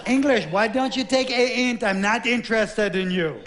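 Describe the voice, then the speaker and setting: A man's voice: extremely high pitch, normal speed, fairly bright tone, some chatter behind, voice pushed up. A man doing a coy, sultry France as a woman. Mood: dismissive. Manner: coy, dismissive, languid.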